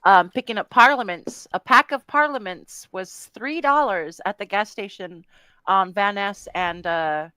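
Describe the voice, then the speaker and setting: Bright-voiced woman in casual podcast chat. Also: mid-range voice, unhurried, clear, resonant tone, no room sound. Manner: chatty, laughs often, swears casually. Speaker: podcast co-host.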